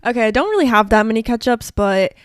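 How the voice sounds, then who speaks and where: A woman's voice: fairly high pitch, lively intonation, fast talker, clean tone, dry recording. A young woman in her twenties co-hosting a casual podcast, telling stories in a bubbly way and acting out what people said. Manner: bubbly storyteller, acts out quotes. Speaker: podcast co-host. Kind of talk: casual chat.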